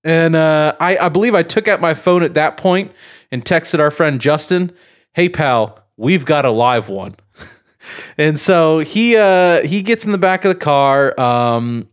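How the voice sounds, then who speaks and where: A man's voice: a little high, unhurried, smooth. A man co-hosting a podcast, telling a long story in a rambling way with fillers and chuckles. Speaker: podcast co-host. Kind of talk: casual podcast chat and storytelling.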